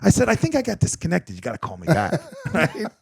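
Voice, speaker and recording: A man hosting a podcast, telling a story in a profane, animated way and acting out both sides of the quoted conversations. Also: fairly high pitch, fairly quick, creaky, a crowd in the background. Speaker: podcast host. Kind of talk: casual chat.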